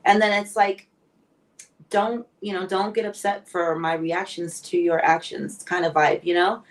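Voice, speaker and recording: A woman's voice: on the low side, steady tone, unhurried, recorded from a distance. A woman in her forties, a guest on a live interview show, speaking candidly and with emotion. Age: 40s. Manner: emotional, candid, tearful at times.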